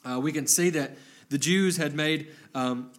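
A man preaching a sermon in an earnest, measured way, reading scripture aloud with some fillers. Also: on the high side.

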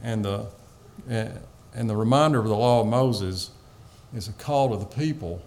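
A man's voice: medium pitch, a little mellow. A man preaching a sermon, teaching on a psalm in an earnest, pleading way with some fillers.

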